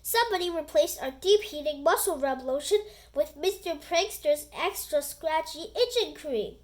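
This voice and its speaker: A woman voicing a frustrated male football coach shouting indignantly. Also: high voice, expressive, moderate pace.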